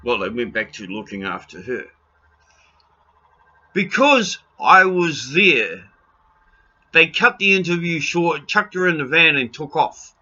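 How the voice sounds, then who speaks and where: A man's voice: a little high, sing-song, measured pace, pauses often, sharp tone, dull audio. A New Zealand man in an impassioned rant to camera, blunt and pleading, raising his voice and swearing freely. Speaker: video blogger.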